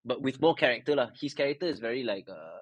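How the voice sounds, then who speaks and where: A man's voice: medium pitch, fast talker, husky, rough recording. A man from Malaysia with a Malaysian English accent, chatting casually as an interview guest and slipping Malay words into his English. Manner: relaxed, mixes in Malay words and "lah".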